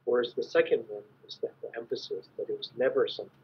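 A man giving a measured, explanatory academic lecture as an invited conference speaker. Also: mid-range voice, steady tone, a little hiss or hum. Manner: measured, explanatory, clears throat at times. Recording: dull lo-fi recording.

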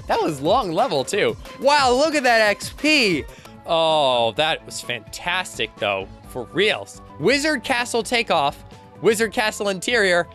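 A young man hosting a let's play, chatting excitedly as he plays, laughing and yelping often. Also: high-pitched. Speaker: gaming channel host.

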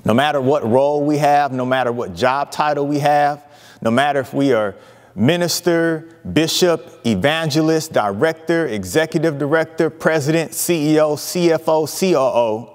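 A man preaching a sermon, emphatic, with dramatic pauses and lively retellings of scripture. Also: on the high side, big-room sound. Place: church sanctuary.

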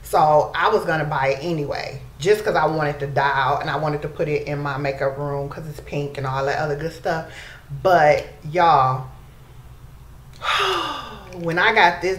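A woman's voice: low-pitched, moderate pace. A woman chatting casually to her viewers in a beauty vlog, calling them y'all. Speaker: beauty vlogger. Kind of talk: casual chat to camera. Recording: echoey room, faint background noise.

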